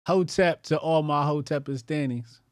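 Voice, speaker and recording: A man's voice: a little high, normal speed, no room sound, clean studio sound. A man from New Jersey hosting his own show, talking loosely with slang and laughing often. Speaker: host. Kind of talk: casual live-stream talk.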